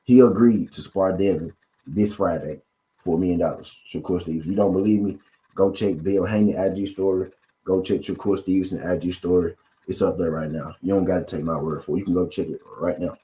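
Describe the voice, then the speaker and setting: Brief: low, mellow male host, casual boxing rant, keeps pressing viewers with questions. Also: steady tone, a little fast. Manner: repetitive, full of rhetorical questions to viewers. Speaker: boxing commentary channel host.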